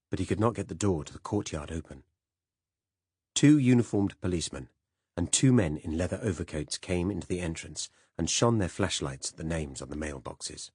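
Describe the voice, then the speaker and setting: A man narrating a first-person spy novel as an audiobook in a measured, even way. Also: a bass voice, slightly rough, dry recording, studio quality.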